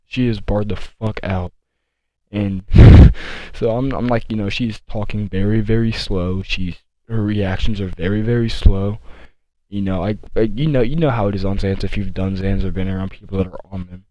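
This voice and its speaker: Teenage boy, casual storytime, rambling with fillers, low-pitched, dry close sound. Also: steady tone, warm tone, dry recording, poor audio. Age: teens. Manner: rambling, many fillers and restarts, deliberately slowed.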